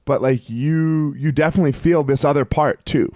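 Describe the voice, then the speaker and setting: A man's voice: a little high, fairly even intonation, normal speed, a little mellow, no echo, studio quality. A man in his forties, a podcast guest talking in a rambling, casual way, full of fillers and profanity.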